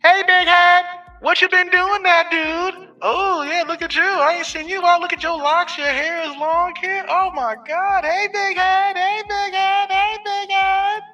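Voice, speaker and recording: A man putting on a high flirty woman's voice. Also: fairly even intonation, measured pace, pushed and bright, dull audio, full character voice. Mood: flirty teasing. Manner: high, sing-song, teasing. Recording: distant mic with faint music.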